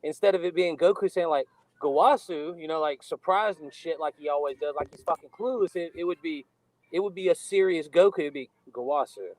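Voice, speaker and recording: A man co-hosting a podcast in casual chat, halting and full of fillers. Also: fairly high pitch, a little mellow, rough recording.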